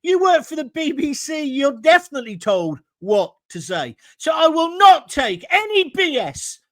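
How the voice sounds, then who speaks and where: A middle-aged man with a British accent hosts a live opinion show, blunt and combative as he works through viewer comments. His voice sits high for a man. The sound is dry, with no room echo. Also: big pitch swings, moderate pace, a bit bright. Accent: British English. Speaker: host.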